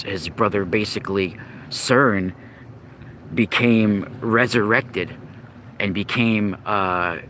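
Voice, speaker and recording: A man's voice: fairly low pitch, pushed and bright, slight background noise. A man hosting a podcast, telling old myths in a rambling, unscripted way, often restarting and searching for words. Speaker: podcast host. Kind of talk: casual monologue on myth and occult lore.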